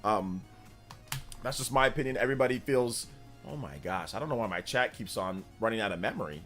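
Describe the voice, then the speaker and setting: A man's voice: fairly low pitch, lively intonation, a little fast, a bit bright, soft background music. A man in his forties hosting a gaming livestream, chatting casually in a blunt, rambling way that repeats itself.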